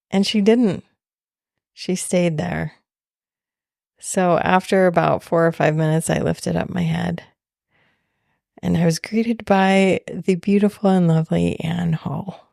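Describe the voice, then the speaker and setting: A woman podcast host telling a personal story in a slow, heartfelt, soft-spoken way. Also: lowish voice, fairly even intonation, gravelly, dry recording, clean studio sound.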